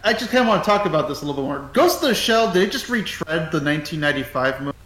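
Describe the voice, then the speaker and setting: A man in casual chat, breaking in with halting, exasperated remarks. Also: fairly high pitch, animated, a bit bright. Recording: echoey room.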